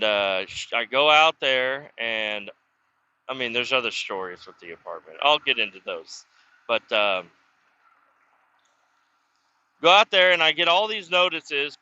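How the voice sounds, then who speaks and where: A man's voice: mid-range voice, sharp tone, clear, resonant tone, muffled recording. A man telling a personal story in a casual, rambling way, swearing often, restarting sentences and acting out both sides of conversations. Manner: profane, rambling, full of restarts and acted dialogue. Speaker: vlogger telling stories. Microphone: self-recorded camera or phone mic.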